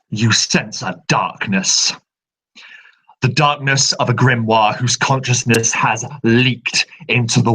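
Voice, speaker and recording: A man narrating a tabletop game as game master, with slow, descriptive narration. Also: mid-range voice, a bit bright, slightly rough, poor audio.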